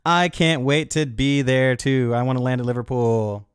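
A man's voice: mid-range voice, normal speed, smooth, no room sound, clean studio sound. A man streaming live, chatting casually and upbeat with his viewers.

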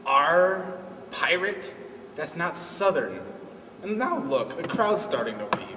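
A man's voice: fairly high pitch, very animated, takes it slowly. A young man in a comedy sketch, questioning his partner with exasperation. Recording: echoey room from a distance, noisy.

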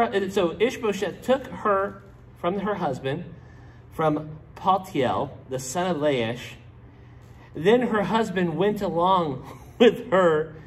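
A pastor with a high, slightly rough voice leads a casual Bible study. He's playful, joking with his listeners and acting out the characters' lines.

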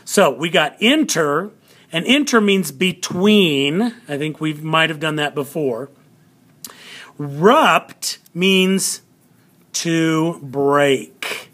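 Slow, patient male teacher. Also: on the high side, a bit bright. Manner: slow, patient, repeats words for emphasis. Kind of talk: classroom lesson video.

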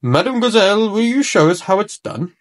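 A prim, polite gazelle teacher with a raised, gentle voice, put on by a man reading a storybook. She addresses the class in a teacherly, lilting way. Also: sits high, big pitch swings, a little fast, pitched above the performer's own voice.

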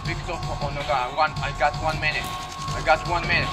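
Gamer man, slightly high voice, frantic horror commentary, broken English, music loud behind. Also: fairly even intonation, fairly quick. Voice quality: non-native, broken English phrasing. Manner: panicky, exclaiming, swears under stress. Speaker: gameplay commentator. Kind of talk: live horror game commentary. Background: loud game music.

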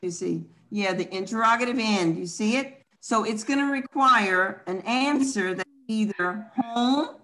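A woman's voice: medium pitch, a little slow, hardly any pauses, bright, forceful tone. A woman leads an online language lesson. She explains each point patiently and step by step, and her voice comes through a video call. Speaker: language teacher.

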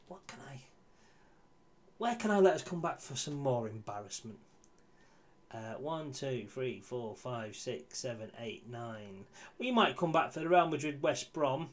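His voice mid-range and his pace measured, this gaming YouTuber complains his way through a football management game, cursing and chatting casually with his audience.

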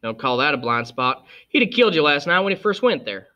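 A man's voice: a little high, big pitch swings, fairly quick, bright, forceful tone, muffled recording. A man voicing a serious, protective teenage boy who speaks bluntly.

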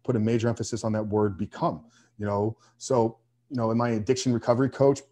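A man's voice: mid-range voice, steady tone, quick pace, warm tone. A man speaking as a guest coach on a podcast, answering earnestly with frequent fillers and restarts. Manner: earnest, faith-driven, with many fillers.

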